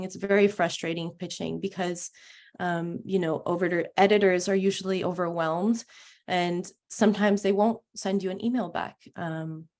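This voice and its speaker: A woman journalist speaking as an interview guest, her voice sitting at an ordinary middle pitch. She talks in a hesitant, conversational way, pausing on fillers and restarting her sentences as she thinks aloud. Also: a little mellow.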